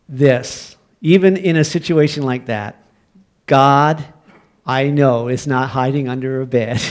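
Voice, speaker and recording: A middle-aged Canadian man preaching a sermon, telling a story from his own childhood and building to loud, emphatic preaching. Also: mid-range voice. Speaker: pastor.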